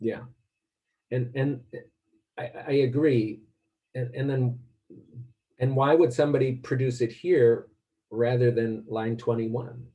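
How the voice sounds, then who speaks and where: A man's voice: mid-range voice, fairly even intonation, takes it slowly, long pauses, dark tone, lo-fi sound. A man lecturing a class, thinking aloud and often restarting his sentences.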